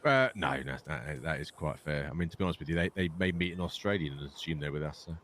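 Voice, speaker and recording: Deep-voiced swearing Londoner. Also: male voice, lively intonation, fast talker, a bit bright, slight background noise. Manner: swears a lot, rambling storyteller. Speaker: gang leader in roleplay. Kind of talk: in-character roleplay chat.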